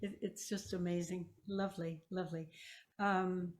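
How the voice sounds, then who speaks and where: A woman, a folk singer, warmly greeting friends on a video call, effusive and delighted, speaking quietly. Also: lowish voice, level tone, normal speed.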